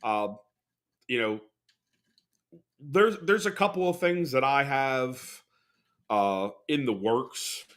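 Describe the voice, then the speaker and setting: A man's voice: medium pitch, expressive, takes it slowly, long pauses, a bit bright. A man hosting a podcast in loose, rambling casual chat, swearing freely. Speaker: podcast host.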